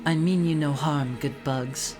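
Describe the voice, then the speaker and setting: A man voicing a calm, stern female warrior from a game, speaking in a formal, measured way. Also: fairly high pitch, soft background music, natural voice. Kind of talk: game voiceover on stream.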